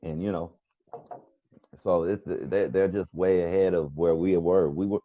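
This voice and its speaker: A man's voice: deep voice, steady tone, measured pace. A middle-aged man with a New York accent, telling a rambling story as a comedian guest on a video call. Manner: rambling, storytelling with quoted back-and-forth. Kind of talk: casual video-call chat. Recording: dull lo-fi video call audio.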